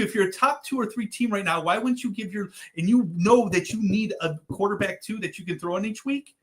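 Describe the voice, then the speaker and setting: Man, casual chat, high voice, bright tone, measured advice. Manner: quick agreeing backchannels, then measured advice. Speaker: fantasy football podcast co-host.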